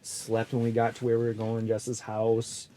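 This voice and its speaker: A man's voice: on the low side, monotone, moderate pace, mellow. A young man co-hosting a podcast, rambling in laid-back casual chat from an ice fishing shelter. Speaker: podcast co-host.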